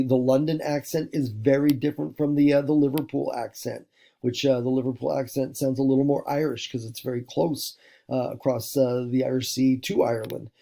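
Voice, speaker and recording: Guy from the teaching a recorded class, gravelly, mellow, lots of ums and restarts. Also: medium pitch. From United States. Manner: rambling, many fillers and restarts.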